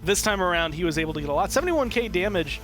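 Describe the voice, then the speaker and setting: A male esports co-caster with a somewhat high voice walks through the stats in a measured, analytical way. He drops in dry asides now and then. Soft music plays behind him. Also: expressive. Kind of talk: live esports commentary.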